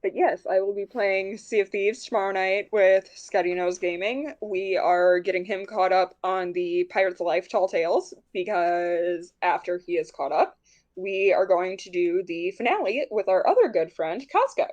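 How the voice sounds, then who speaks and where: A woman's voice: mid-range voice, moderate pace, darkish tone, dull audio. Tired woman plugging her stream. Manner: tired, hesitant with many ums. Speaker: streamer guest. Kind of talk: casual stream chat.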